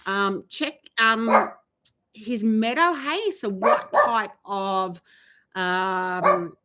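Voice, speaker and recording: A woman horse trainer giving advice in a live Q&A, talking with many ums and pauses. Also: mid-range voice, very noisy. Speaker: horse trainer answering viewer questions. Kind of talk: live Q&A chat.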